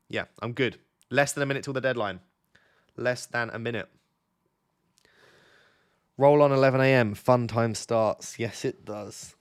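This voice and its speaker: Young guy streaming from bed late at night, lowish voice, chatty and teasing. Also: a bit bright. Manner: chatty, teasing, talks to chat. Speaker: fantasy football streamer, host. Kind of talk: casual late-night live stream chat. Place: at home, lying in bed.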